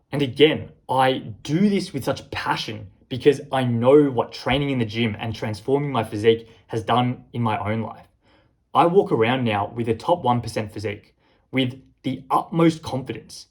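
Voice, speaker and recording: A man's voice: mid-range voice, slightly rough. A young man who is a fitness coach, giving a blunt, lecturing motivational talk straight to the camera.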